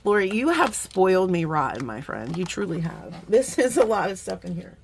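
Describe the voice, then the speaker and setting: A middle-aged woman chatting casually as she unboxes beading supplies, rambling, warm-hearted and quick to get emotional. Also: on the low side, very animated, slight background noise. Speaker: beading vlogger.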